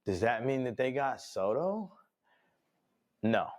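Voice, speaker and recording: Blunt, profane sports podcast host. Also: male voice, medium pitch, sing-song, slow. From New York. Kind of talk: casual sports rant.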